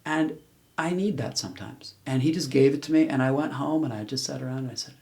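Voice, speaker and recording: A middle-aged man with a gravelly, creaky voice at a medium pitch. He speaks as an interview guest in a casual, rambling style, full of fillers and restarts. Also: quick pace, a little mellow. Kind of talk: casual conversational storytelling.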